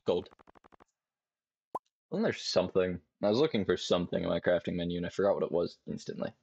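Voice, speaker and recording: A man's voice: low-pitched, brisk, creaky, a little mellow, slightly rough, dry recording, lo-fi sound. A young man streaming a farming game, chatting casually and rambling to himself with lots of swearing. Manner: profane, rambling, talks to himself. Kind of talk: casual gameplay commentary. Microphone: desk mic with webcam.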